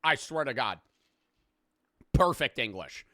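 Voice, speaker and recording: Bright-voiced excitable young American man. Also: medium pitch, dry recording, studio quality. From United States. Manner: excitable, heavy swearing, quick restarts. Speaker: streamer reacting to videos. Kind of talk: casual reaction commentary.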